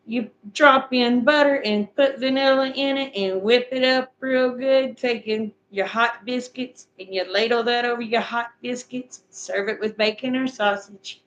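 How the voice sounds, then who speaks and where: A middle-aged woman with a fairly high voice talks her viewers through a recipe step by step. She speaks in a homespun, chatty way and often repeats herself. A faint noise sits behind her voice. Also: a bit bright, highs cut off. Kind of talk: casual chat, recipe instructions.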